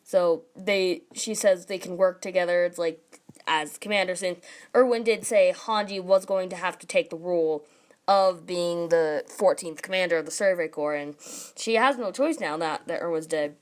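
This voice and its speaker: A woman's voice: on the low side, moderate pace. A young woman casually recapping and ranting about a manga chapter, full of "like" and quoted lines. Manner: chatty, says "like" a lot, reads quotes aloud. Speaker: manga reviewer.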